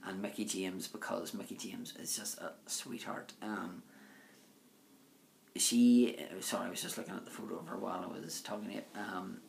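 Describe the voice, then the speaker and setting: A man's voice: deep voice, steady tone, moderate pace, gravelly, darkish tone, a little hiss or hum. A man vlogger answering viewer questions in a casual, rambling monologue full of filler words. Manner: rambling, full of "um", "you know" and "like".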